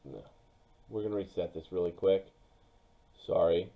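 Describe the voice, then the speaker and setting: Laid-back low-voiced man talking football picks. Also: normal speed, gravelly, low-quality recording. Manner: loose, excitable, talks straight to viewers. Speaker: sports YouTuber. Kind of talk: mock draft commentary.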